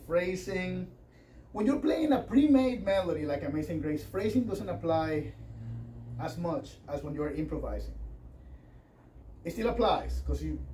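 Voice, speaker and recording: A man's voice: on the high side, dark tone. A man teaching a guitar workshop, talking in a rambling, conversational way with many fillers. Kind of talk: workshop lesson with playing demonstrations. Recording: distant mic with faint noise.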